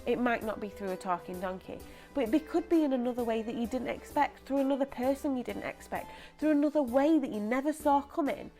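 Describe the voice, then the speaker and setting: A young woman presenting a lively children's church story, chatty and animated. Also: fairly high pitch, a little fast, faint music behind. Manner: animated, chatty, acts out voices.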